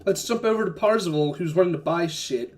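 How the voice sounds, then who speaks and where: A man's voice: sits high, a little fast, a little mellow. A man running a tabletop game as game master, narrating casually with lots of fillers and swearing. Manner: rambling, filler-heavy, casual cursing.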